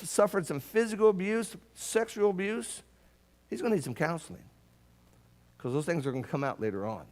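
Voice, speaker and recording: At church, a man with a medium-pitched voice teaches a Bible class. He is earnest and emphatic, and he frequently stumbles into repeated words as he restarts his sentences.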